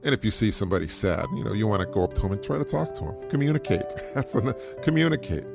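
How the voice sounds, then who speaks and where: A man's voice: on the low side, lively intonation, racing, gravelly, over music. A middle-aged man hosting a podcast, giving casual parenting advice in an earnest, repetitive way and chuckling at his own points. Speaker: podcast host.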